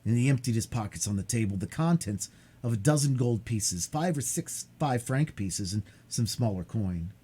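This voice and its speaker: A man streaming live, reading a classic novel aloud in an expressive way with occasional stumbles. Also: medium pitch, moderate pace, breathy edge. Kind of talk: live read-aloud narration. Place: home streaming setup.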